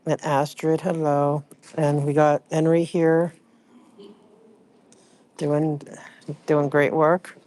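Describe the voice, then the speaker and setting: This is a livestream host in easy, casual chat. The talk rambles and keeps breaking off mid-thought to greet viewers by name. The voice sits at an ordinary middle pitch. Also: little pitch movement, slow pace, long pauses, darkish tone.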